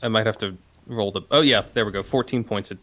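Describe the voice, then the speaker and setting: A man's voice: lowish voice, fast talker, a bit bright. A man playing a tabletop game, hesitantly thinking aloud as he works through his turn. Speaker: player. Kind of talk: casual tabletop game play.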